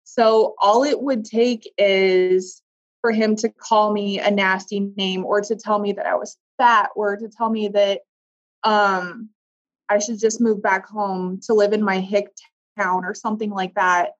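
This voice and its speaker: A woman as an interview guest, telling a personal story in a candid, emotional way, often halting and searching for words. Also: medium pitch, fairly even intonation. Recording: dull lo-fi audio.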